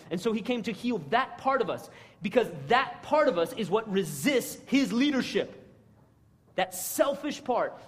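A man preaching a casual sermon, animated and slangy, often checking in with his listeners. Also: high-pitched. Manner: animated, slangy, keeps asking "right?". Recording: long reverb of a hall.

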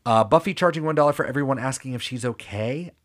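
A man's voice: medium pitch, fast talker. A man co-hosting a podcast, recapping a TV episode in casual, sarcastic, joking chat. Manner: sarcastic, joking, lively rambling. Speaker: podcast co-host.

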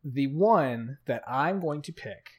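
A man co-hosting a casual podcast chat, excitable and swearing freely. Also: mid-range voice, slow, slightly rough. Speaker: podcast co-host.

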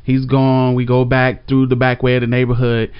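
A man's voice: medium pitch, monotone, normal speed, smooth. A man telling a story in a casual chat, loose and profane, with lots of fillers. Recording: slightly dull recording.

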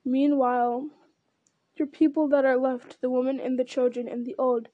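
A woman voicing an old male wizard in a storybook reading, speaking in a measured, solemn way. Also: sits high, flat delivery, dry recording, phone-quality sound, close to an everyday voice.

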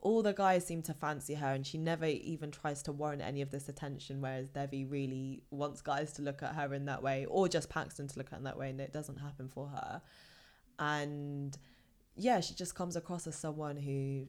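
A woman's voice: sits low, fairly even intonation, fairly quick, darkish tone. A young woman from England chatting casually and giving her opinions as a podcast co-host. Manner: chatty, opinionated, lots of fillers.

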